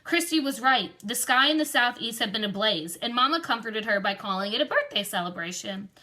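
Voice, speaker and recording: A woman's voice: fairly high pitch, expressive, fairly quick, pushed and bright. A woman reading a children's novel aloud expressively, with occasional slips and restarts. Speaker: reader.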